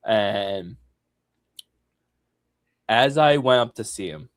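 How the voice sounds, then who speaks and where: A man co-hosting a podcast, chatting casually and telling a story with big swings between loud and soft. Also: fairly low pitch, expressive, extremely slow, no room sound, studio quality. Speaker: podcast co-host.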